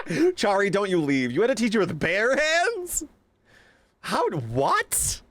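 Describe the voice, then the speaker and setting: Young guy on stream reacting to chat, kinda high voice that jumps all over, cusses a lot. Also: slow pace. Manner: animated storyteller, reacts to chat, swears freely. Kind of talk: casual chat while livestreaming a game.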